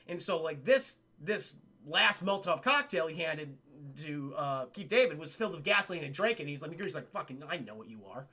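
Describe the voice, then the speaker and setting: A man with a high, sharp, forceful voice recaps a film for his livestream chat. He tells it in an excitable, profane rush and keeps turning to speak to the chat. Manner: excitable, profane retelling that often addresses the chat.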